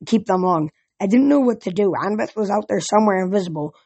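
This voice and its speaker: Brief: amateur storybook narrator, husky voice, frequent stumbles, dry close sound. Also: medium pitch, fast talker, darkish tone, dry recording. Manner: stumbling over words and restarting. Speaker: audiobook reader.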